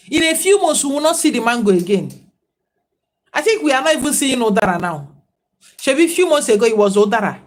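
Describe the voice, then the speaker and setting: A woman, talking casually and reflectively to viewers on a livestream, in a preachy tone. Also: on the high side. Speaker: livestream host.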